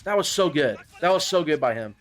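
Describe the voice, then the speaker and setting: A young gaming YouTuber talks over footage of his own tournament match in a highish, expressive voice at a brisk clip. He rambles, criticizes himself, swears and laughs at his mistakes.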